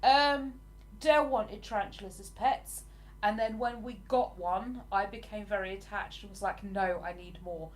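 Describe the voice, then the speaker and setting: A livestream host from England in her forties talks casually with her audience, replying to their comments. She has a mid-range voice and speaks at a normal speed.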